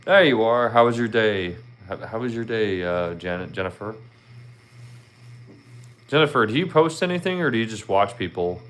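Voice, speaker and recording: A talkative man with a Philadelphia accent, hosting a relaxed live stream and answering viewers' comments as they come in. His voice sits fairly low, and he circles back over his words and asks his viewers plenty of questions. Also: moderate pace. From Philadelphia, Pennsylvania. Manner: chatty, asks viewers questions, repeats himself, laughs often.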